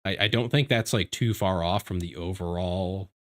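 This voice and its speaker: A man streaming from home, chatting casually with his viewers in a rambling, animated way, often restarting his sentences. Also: sits low, normal speed. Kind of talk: casual livestream chat. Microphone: desk microphone.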